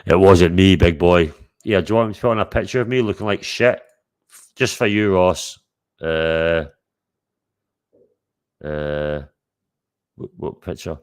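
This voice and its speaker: Scottish male streamer, low-pitched, boisterous sweary host type. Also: unhurried, pauses often. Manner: boisterous and sweary, calling out to chat and viewers. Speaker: livestream host. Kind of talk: casual livestream chat.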